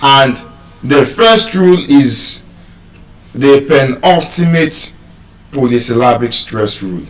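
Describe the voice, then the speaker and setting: Slow, deliberate man teaching. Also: mid-range voice, animated. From Nigeria. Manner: deliberate and teacherly, repeats key terms. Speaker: English language teacher. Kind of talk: live speech lesson on word stress. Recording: roomy sound, mic far off.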